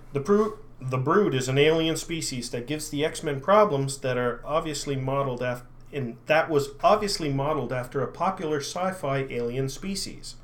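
A man's voice: mid-range voice, moderate pace. A middle-aged man co-hosting a podcast, joking and asking quiz questions. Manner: joking, interjecting. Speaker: podcast co-host, quiz master. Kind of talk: casual chat.

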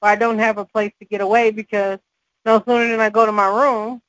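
A woman, a mother and podcast co-host, chatting casually and telling animated stories with frequent laughs. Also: medium pitch, fairly quick, no echo, rough recording. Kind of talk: casual chat.

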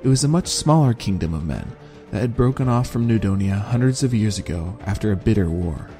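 A man narrating a fantasy audiobook in the first person, with steady, measured storytelling. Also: lowish voice, soft background music.

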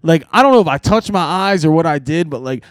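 A man on a podcast casually telling band road stories, animated and swearing, laughing often. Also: fairly high pitch, fast talker, no room sound. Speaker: podcast co-host and band member. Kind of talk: casual storytelling chat.

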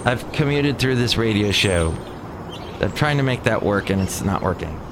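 A man hosting a rambling solo podcast, with a voice that swoops up and down as he talks. He sounds animated and exasperated and keeps going off on tangents, recording outdoors near a cafe. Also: on the low side, normal speed, noisy background. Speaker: podcast host.

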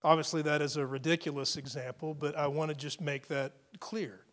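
A male pastor delivering a sermon in a high, bright-pitched voice. He speaks earnestly to his congregation, building to emphatic swells and then falling back to soft, quiet asides. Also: steady tone, a little fast.

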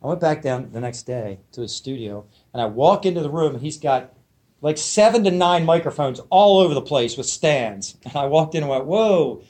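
A man's voice: a little high, expressive, normal speed, a little mellow. Man telling a teaching story. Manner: storytelling, asks the listeners questions, acts out quotes. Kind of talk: spoken dharma talk to a small group.

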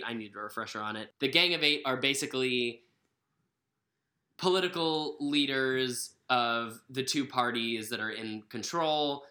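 Chatty young woman with a bright tone. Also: extremely low pitch. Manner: chatty, rambling with fillers and self-corrections. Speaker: podcast co-host. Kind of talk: casual chat.

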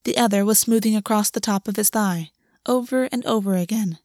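A woman narrating a story aloud in a steady, even reading voice. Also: mid-range voice, fairly quick, dry recording, studio quality. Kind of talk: audiobook reading.

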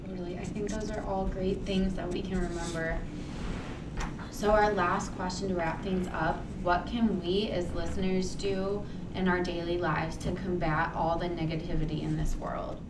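Female interviewer, lowish voice, far from the mic, roomy with clear rumbling noise. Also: level tone, normal speed. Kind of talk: interview questions. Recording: echoey, distant, noisy with rumble.

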